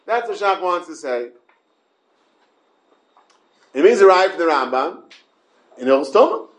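This Talmud teacher's voice sits high and is very animated, with the echo of the room around him. His delivery is halting: he trips over words, repeats himself, starts sentences over, and keeps asking the class questions.

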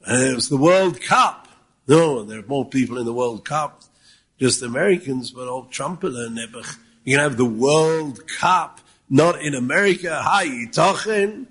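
A man with a medium-pitched, fairly bright and slightly rough voice talks at a measured pace with lively intonation. He delivers a Yiddish-laced Torah talk in Yeshivish English, quoting Hebrew sources, asking rhetorical questions and occasionally raising his voice for emphasis.

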